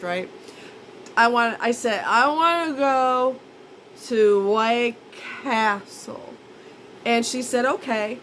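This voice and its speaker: A woman's voice: mid-range voice, fairly bright tone, a little hiss or hum, poor audio. A woman telling a rambling, self-mocking story in a chatty, casual way. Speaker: vlogger.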